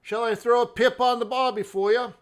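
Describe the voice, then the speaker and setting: A man doing a loud hammy Aussie bloke. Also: steady tone, a little fast. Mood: joking. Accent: put-on Australian. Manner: loud, high, hammy caricature. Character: jokey stereotyped Australian bloke.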